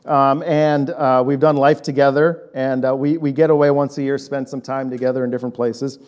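A man's voice: medium pitch, level tone, moderate pace, a little mellow, dull audio. A man in his late thirties preaching a sermon as a pastor, talking in a conversational way and often checking in with the listeners. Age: late 30s.

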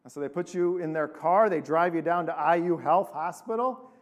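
A man, a pastor, preaching a sermon and telling a story with lively acted-out voices. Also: fairly high pitch, normal speed, highs cut off. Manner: animated storytelling, acting out quoted voices.

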